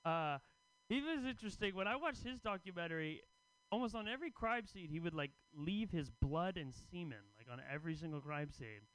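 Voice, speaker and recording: A man doing a stand-up set in a comedy club, making wry, deadpan asides to the crowd. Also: high voice, a little fast, rough recording. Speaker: stand-up comic and festival host.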